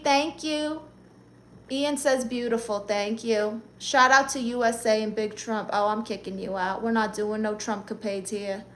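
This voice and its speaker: A woman's voice: a little high, steady tone, a little slow, a bit bright. A woman from Brooklyn with a New York accent, casually chatting on a live stream and firing sassy comebacks at viewers. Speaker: comedian live-streamer reading chat.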